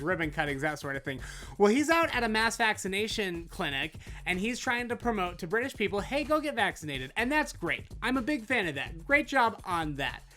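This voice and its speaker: A woman's voice: lowish voice, a bit bright. A woman hosting a comedic news recap, sarcastic and mocking, who drags out phrases for emphasis. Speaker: host.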